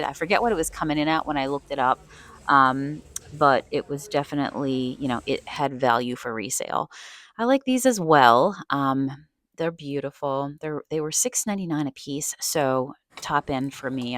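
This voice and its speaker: A woman vlogging while thrifting in a store, chatting casually and enthusiastically about her finds. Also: very deep voice. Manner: chatty, enthusiastic, rambling asides. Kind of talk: casual vlog narration.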